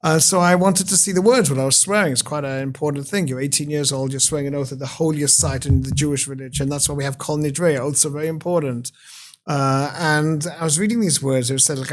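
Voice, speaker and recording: A man's voice: fairly high pitch, brisk. A British man in his fifties, talking as an interview guest with passion and eloquence. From United Kingdom. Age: 50s. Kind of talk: interview conversation.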